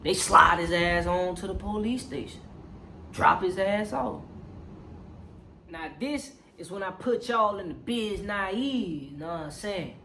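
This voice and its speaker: A movie reviewer giving a casual, animated recap, profane and slang-heavy, with constant check-ins to the audience. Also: mid-range voice, a little slow, slight background noise.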